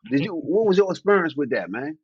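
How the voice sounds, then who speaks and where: A man's voice: a little high, sing-song, fast talker, breathy edge, dry recording. Chill dc area guy asking his guest questions, dry kinda muffled sound. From Washington DC area. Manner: easygoing, loose street talk. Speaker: interviewer. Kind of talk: casual interview chat. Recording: dry, slightly dull recording.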